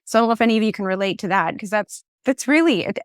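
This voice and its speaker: A woman in her forties, a podcast guest, telling a personal story in an expressive, candid way. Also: medium pitch, racing, smooth, dry recording, clean studio sound. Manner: candid and reflective.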